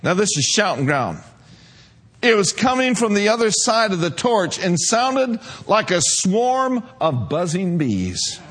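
Pastor, male, fairly high voice, preaching style that builds to shouting. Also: sing-song, a little slow. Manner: preacher reading a vision aloud, building to shouts. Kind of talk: sermon.

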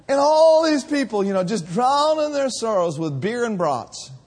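A man preaching a sermon, telling stories and then building to shouted calls to the congregation. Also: high-pitched, slightly rough. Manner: storytelling, rising to shouted exhortation.

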